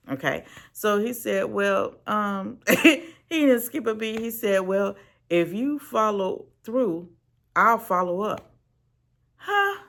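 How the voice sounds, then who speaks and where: A Christian business owner and writer giving a motivational video lesson to camera, animated, laughing often and repeating words as sentences start. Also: mid-range voice. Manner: asks the viewer "right?" and "okay?" often.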